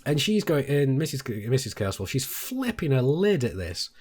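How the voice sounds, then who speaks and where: A British man, a gaming YouTuber, telling a story to his viewers in a casual, animated way. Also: normal speed, slightly rough. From Britain. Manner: animated, jumps much higher when quoting others.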